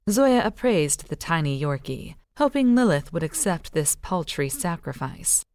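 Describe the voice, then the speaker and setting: Measured audiobook narrator, woman with a low voice, recorded dry. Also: sing-song, a little mellow, no echo.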